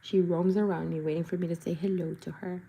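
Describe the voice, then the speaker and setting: A young woman talks casually while she paints, playful and chatty, often slipping into goofy voices and little jingles. Her voice is warm and mellow with a soft, breathy edge. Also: fairly low pitch, steady tone, fast. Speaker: body painter and vlogger.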